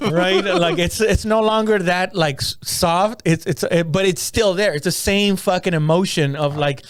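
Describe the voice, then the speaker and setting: A man, a stand-up comic, chatting crudely on a podcast, laughing often and telling animated stories. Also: sits high, normal speed, hardly any pauses, dry recording. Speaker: podcast co-host. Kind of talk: casual comedian chat.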